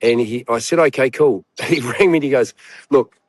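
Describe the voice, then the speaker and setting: A man's voice: mid-range voice, normal speed, dry recording. A man, a guest telling a long personal story in casual chat, rambling and swearing with many fillers. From New Zealand.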